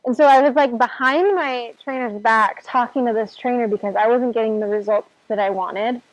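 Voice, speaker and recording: A woman's voice: on the high side, moderate pace, no echo. A woman casually telling a personal story, acting out her own past reactions with lots of "like" fillers. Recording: dull lo-fi sound, faint music behind.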